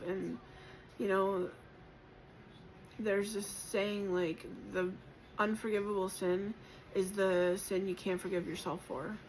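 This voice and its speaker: Soft-spoken, encouraging woman tarot reader. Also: lowish voice, vocal fry, a little hiss or hum, poor audio. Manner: gentle, encouraging and reflective, with many pauses and fillers; emotional at times. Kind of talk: spiritual collective reading.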